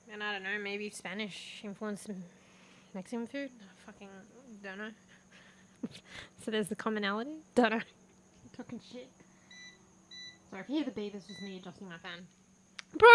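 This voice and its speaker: A woman's voice: medium pitch, moderate pace, pauses often. A young woman streaming as a VTuber, chatting casually while eating, swearing freely and laughing often. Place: home room with a fan.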